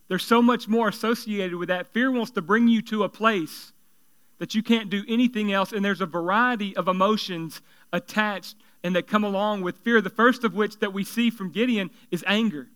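A male pastor preaching a sermon in an animated, conversational way, with joking asides. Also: sits high, normal speed, clean tone.

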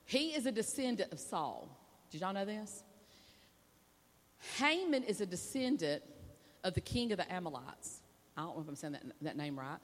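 A woman preacher telling a folksy, animated story in a sermon at a women's conference, laughing and acting out the voices. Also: medium pitch. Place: stage at a women's conference with a hall's reverb. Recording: long hall reverb.

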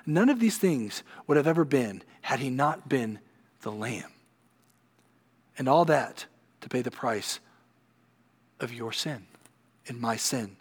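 Preacher with a big hall echo. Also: male voice, animated, slow, long pauses, breathy edge. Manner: rising to emphatic peaks, then dropping low and soft. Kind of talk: sermon. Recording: long hall reverb.

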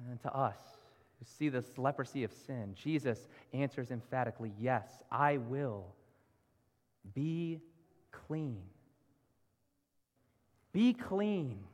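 A man's voice: sits high, a bit bright. A man preaching a sermon as pastor, earnest, asking pleading rhetorical questions of his congregation. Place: church sanctuary. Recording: reverberant church hall.

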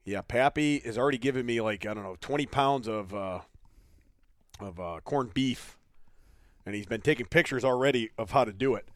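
A man bantering on a podcast, crude and jokey, sometimes bursting out loud. His voice sits in a middling register. The sound is dry and close. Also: medium pitch, moderate pace, no room sound. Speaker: podcast co-host. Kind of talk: casual chat.

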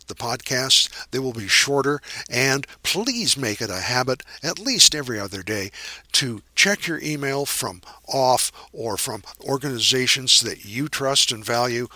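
A man's voice: medium pitch, sharp tone, no room sound. A man hosting a solo podcast, speaking in an earnest, urging way and repeating his key phrases for emphasis. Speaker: podcast host.

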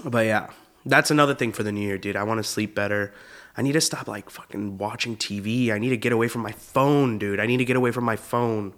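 A man's voice: lowish voice, fairly quick, fairly bright tone. A young man, a comedian hosting his own show, telling funny personal stories in a loose, slangy way and often laughing as he goes. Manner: casual, slangy, says "dude" often. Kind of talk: comedic storytelling monologue.

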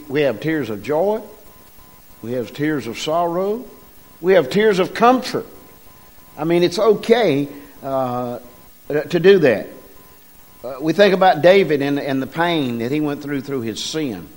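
A middle-aged man delivers a sermon in a somewhat high voice. He talks in a folksy, halting manner, full of ums and repeated words, slowing down to press on the key phrases. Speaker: preacher.

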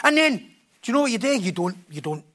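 Passionate high-voiced preacher. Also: male voice, very animated, fast. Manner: passionate, swings from quiet asides to loud emphatic bursts. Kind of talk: sermon. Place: church platform.

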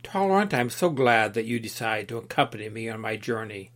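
A man reading the part of an earnest young man seeking truth in an allegorical story, in a measured, earnest manner. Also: lowish voice, lively intonation, fairly bright tone.

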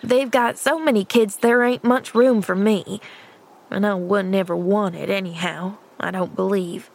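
A woman's voice: medium pitch, steady tone, measured pace, creaky. A woman doing a sulky ten-year-old orphan boy. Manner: mumbling, grudging, rustic slang.

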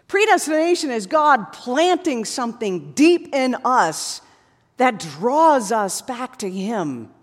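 A woman's voice: sits high, lively intonation, measured pace. Preacher woman in a reverberant hall. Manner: earnest, builds to fervent passages, drops to soft hushed endings. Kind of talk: sermon.

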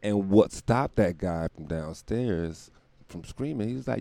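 A man's voice: fairly low pitch, lively intonation, measured pace, gravelly, dark tone, no echo. A man hosting a show, riffing in a rambling, irreverent comedic monologue with laughs and profanity. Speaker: podcast host.

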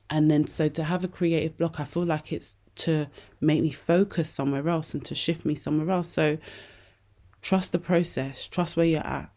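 A woman with a low, mellow voice hosts a podcast. She gives candid, laid-back advice with lots of swearing and calls the people listening "babes."

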